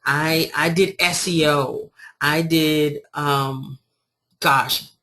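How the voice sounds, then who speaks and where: A woman giving an informal marketing training talk, telling her story in an animated, emphatic way. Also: low-pitched, extremely slow. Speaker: online marketing coach.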